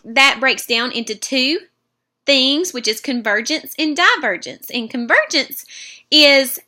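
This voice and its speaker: Bright young Southern woman explaining theory. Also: a little high. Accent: Southern US, North Carolina. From North Carolina. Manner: earnest, explanatory, checks in with "okay?". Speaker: student presenter. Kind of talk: class video presentation.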